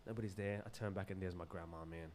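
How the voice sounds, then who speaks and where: A man telling stories as a podcast guest, animated and loose with slang and swearing, laughing often. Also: deep voice, quick pace, a little hiss or hum. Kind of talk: casual storytelling in an interview.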